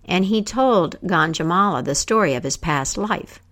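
Lively woman telling a folk tale. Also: on the low side, normal speed. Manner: lively, acts out characters. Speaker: storyteller. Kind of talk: oral storytelling.

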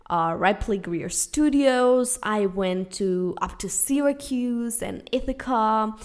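A woman in her twenties from Spain, a native Spanish and Catalan speaker with a Spanish accent, hosting a podcast and telling a personal story in a casual, animated way with frequent laughter. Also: mid-range voice. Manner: animated, laughing often between phrases. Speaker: podcast host.

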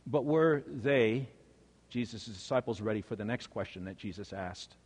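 A male preacher delivering a sermon with dramatic storytelling, swinging from hushed to emphatic. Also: fairly low pitch, moderate pace, slightly rough, long reverb tail.

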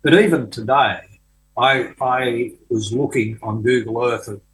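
An older man, a writer being interviewed, recounting an anecdote in a relaxed, conversational way with frequent ums and restarts. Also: mid-range voice, unhurried, poor audio. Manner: hesitant, many fillers and restarts. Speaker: author guest. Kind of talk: conversational storytelling.

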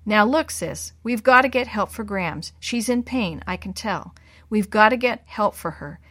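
A woman plays a confident older brother in a storybook, teasing and bossy, taking charge with steady instructions. The sound is dry and close. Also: medium pitch, measured pace, dry recording. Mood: firm. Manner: bossy, reassuring.

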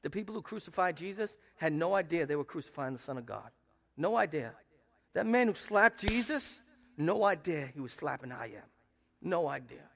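A man preaching from the pulpit, his voice a touch higher than most men's and rough with gravel. He builds to loud, pressing peaks, then drops to hushed, tender passages as he drives his points home. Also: very animated, moderate pace. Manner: preaches with swings between loud emphatic rises and soft hushed quotes. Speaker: pastor. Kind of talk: sermon. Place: church sanctuary.

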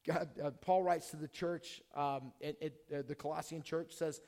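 Hoarse casual pastor in a reverberant hall. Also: male voice, a little high, fairly even intonation, normal speed, a little mellow. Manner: casual, joking, with many fillers and restarts. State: hoarse, voice strained. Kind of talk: sermon. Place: church hall before a congregation.

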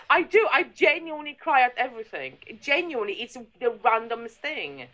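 Lively, giggly woman telling stories. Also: sits high, brisk, low-quality recording. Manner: chatty, giggly storyteller. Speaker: podcast guest. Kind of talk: casual chat.

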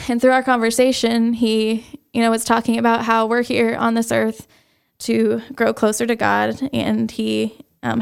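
A young adult woman sharing a personal faith testimony as an interview guest, earnest and halting with many fillers. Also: a little high, vocal fry, clear, resonant tone.

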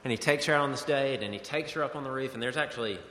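A man's voice: mid-range voice, rapid-fire, sharp tone. A man preaching a sermon as pastor, earnest and conversational, in a church sanctuary. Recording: echoey hall with long reverb.

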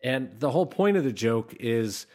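Man coaching comedy writing, animated bursts. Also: medium pitch, moderate pace. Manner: conversational, animated bursts when demonstrating delivery. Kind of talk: instructional talk to camera.

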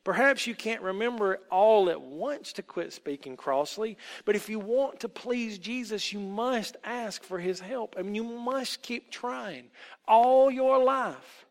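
A man voicing a middle-aged Christian aunt who speaks softly but sternly, gently lecturing a child. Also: high-pitched, takes it slowly, pitched above the performer's own voice. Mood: gently scolding. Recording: long hall reverb.

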